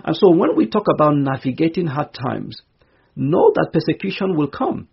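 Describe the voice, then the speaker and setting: Male preacher, slightly higher voice, gravelly and husky, earnest, dull lo-fi sound. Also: very animated, moderate pace. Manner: earnest, emphatic, repeats key phrases. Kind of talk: sermon.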